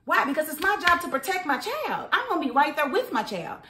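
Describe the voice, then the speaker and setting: A woman's voice: high-pitched, sing-song, fairly quick, pushed and bright, a little hiss or hum. An American woman giving outspoken, opinionated news commentary, full of rhetorical questions. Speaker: vlogger and commentator. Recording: roomy echo.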